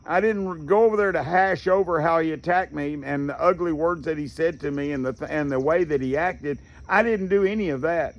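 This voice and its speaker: A man speaks in a fairly high, folksy voice, teaching anger control like a casual chat. He loops back with fillers and restarts. Crickets chirp faintly behind him. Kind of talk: casual lecture.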